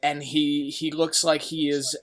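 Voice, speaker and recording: A man's voice: fairly high pitch, flat delivery, a little slow, fairly bright tone. A man narrating a tabletop game as game master, rambling with many fillers.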